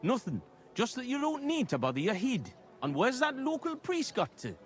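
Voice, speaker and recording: A high-pitched jolly village youth. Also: male voice, full character voice. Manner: lively, quick to laugh.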